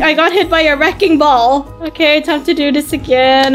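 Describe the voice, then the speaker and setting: A woman with a high, bright voice gives gameplay commentary. She is excitable and squeals and laughs often, with faint music playing behind her. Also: a little slow. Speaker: gamer.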